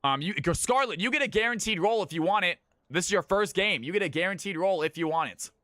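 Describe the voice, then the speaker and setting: A man from California hosting his stream's viewer games, chatting casually with his viewers, brisk and swearing freely. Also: high-pitched, expressive, bright, forceful tone, no echo, clean studio sound. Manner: brisk, swears, talks to chat. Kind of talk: casual live-stream chat.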